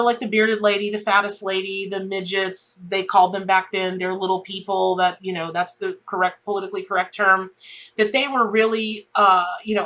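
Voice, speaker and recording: A woman's voice: medium pitch, fairly bright tone. A middle-aged woman giving a casual spoken tarot reading. She rambles in a heartfelt way, often repeating herself and restarting her sentences. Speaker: tarot reader.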